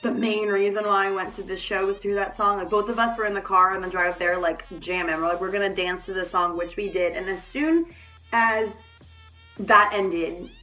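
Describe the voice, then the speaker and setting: Young woman for a casual storytime vlog; bright, forward voice, lively and profane, with faint music underneath. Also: medium pitch, normal speed. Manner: animated, swears freely. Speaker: vlogger.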